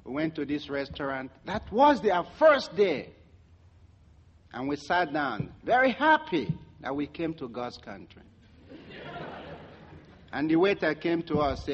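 A man's voice: on the high side, animated, unhurried, slightly rough, dull audio. A man speaking as an anthropologist, giving a public talk full of stories. He is wry and acts out the quoted dialogue. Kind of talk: public speech with storytelling.

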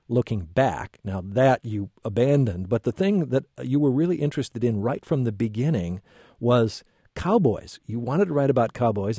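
A man hosting an interview, asking curious, measured questions with some fillers. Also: medium pitch, dark tone, breathy edge, no room sound, clean studio sound. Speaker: interview host. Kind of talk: casual interview conversation.

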